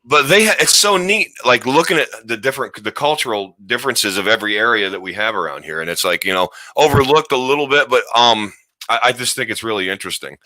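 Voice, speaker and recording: A man's voice: medium pitch, expressive, fast talker, pushed and bright, dry recording. A man hosting a casual talk show, rambling and joking, often restarting his sentences. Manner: rambling, self-interrupting, joking. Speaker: podcast host. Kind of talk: casual chat.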